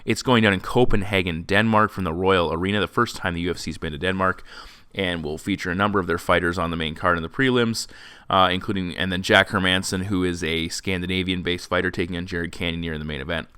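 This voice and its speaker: A man hosting a fight predictions show, talking fast and giving strong opinions, with sarcasm at times. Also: low voice, fairly even intonation, pushed and bright, smooth, dry recording. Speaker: podcast host. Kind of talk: MMA predictions commentary. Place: classroom.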